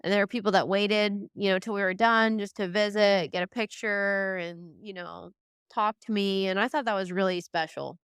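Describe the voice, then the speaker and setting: A woman's voice: medium pitch, fairly even intonation, normal speed, fairly bright tone, clean tone, dry recording, studio quality. A young woman, a horse trainer, tells a podcast interviewer a long, emotional story in a rambling way, full of fillers like "like" and "you know". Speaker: guest, reining horse trainer.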